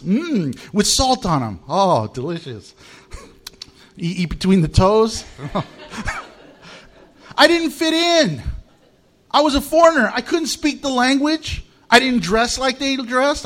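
A man's voice: extremely high pitch, a bit bright. An American male pastor preaching a humorous sermon, telling stories with animation and laughing at his own jokes. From United States.

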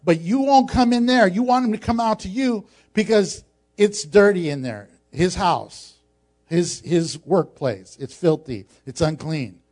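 A man's voice: high-pitched, lively intonation, unhurried, a little mellow. A male preacher playing an exasperated palace guard who sounds incredulous and sarcastic.

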